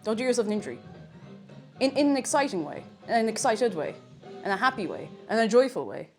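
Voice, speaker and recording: A woman's voice: a little high, quick pace, soft background music. Bubbly woman streamer. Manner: bubbly and excitable, breaking into shouted cheers. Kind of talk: casual livestream chat while cooking.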